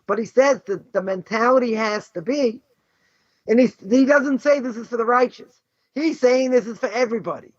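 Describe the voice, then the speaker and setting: Speaking at a normal pace in a very high voice, this rabbi from Boston leads an animated Torah lesson. His delivery is emphatic and packed with rhetorical questions, peppered with "right?" and "you know." The audio is dull, lo-fi and dry.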